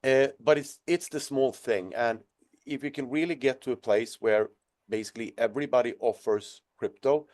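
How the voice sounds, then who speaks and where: Upbeat guy running a webinar panel on a call, mid-pitched voice, throws questions at the others. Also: moderate pace, darkish tone.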